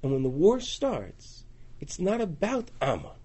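Animated high-pitched man lecturing. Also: measured pace, husky. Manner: animated, acts out voices in quotes, rising and falling in loudness. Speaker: teacher. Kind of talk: lecture on a biblical book.

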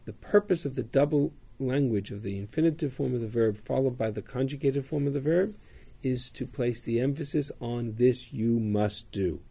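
A man's voice: mid-range voice, moderate pace, creaky, warm tone, breathy edge. A man teaching a Torah class, explaining Hebrew verses and their translations, with frequent ums and uhs. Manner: explanatory, chanting Hebrew verses, many fillers.

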